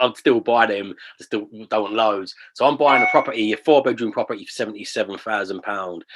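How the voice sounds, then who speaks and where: A man from England, a property investor guest telling stories in a casual, animated way. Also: mid-range voice. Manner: chatty, animated, acts out quoted phone calls. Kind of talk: casual interview storytelling.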